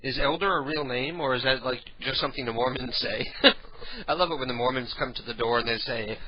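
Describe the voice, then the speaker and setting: Low-key irreverent male radio host. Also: fairly quick, breathy edge, lo-fi sound. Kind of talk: casual late-night talk to chat room.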